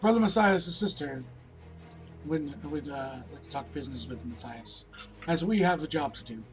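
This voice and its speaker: A man player in a tabletop game who speaks briskly and in a businesslike way. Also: on the high side, animated, soft background music, low-quality recording. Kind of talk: tabletop role-play.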